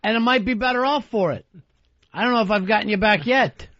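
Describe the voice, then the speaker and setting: A high-pitched man hosting a talk radio show, bantering casually with callers. The audio is dull and lo-fi, like an old radio broadcast. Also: fairly quick, fairly bright tone, no echo. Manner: laughing, easygoing banter. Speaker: radio host.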